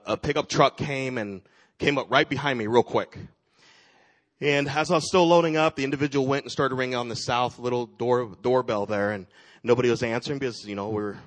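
Earnest man telling a church testimony. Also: medium pitch. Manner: earnest storyteller, acts out the voices in his story. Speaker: ministry team director. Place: church sanctuary.

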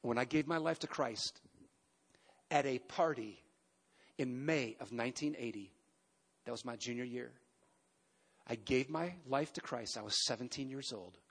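A man in his fifties preaching a sermon in a large church, telling his story in an animated way with emphatic pauses and sudden loud bursts. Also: mid-range voice, breathy edge.

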